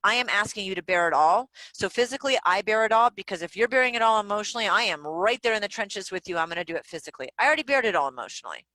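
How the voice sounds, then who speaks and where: A woman guest on a podcast, telling stories in a candid, animated way and swearing freely. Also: mid-range voice, rapid-fire, few pauses, no echo, poor audio. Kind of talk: casual interview chat. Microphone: home recording setup.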